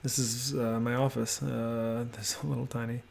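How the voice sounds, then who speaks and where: Narrating a house tour from his home office, this homebuilding vlogger has an ordinary mid-range voice edged with gravelly fry. His easygoing, meandering talk moves at a moderate pace, peppered with fillers and false starts, with a slight hiss or hum underneath.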